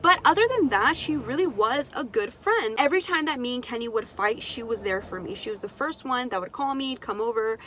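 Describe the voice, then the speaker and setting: A young woman telling a personal story in a candid, animated, profane way on her vlog. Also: on the high side, a little fast, hardly any pauses, a little hiss or hum. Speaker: vlogger. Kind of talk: casual storytime.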